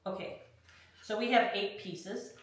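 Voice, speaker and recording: In a medium-pitched voice at a measured pace, a craft instructor runs a hands-on tutorial, chatting through each step and checking in with "okay?" again and again. It was recorded in a very echoey room, far from the mic, with faint noise.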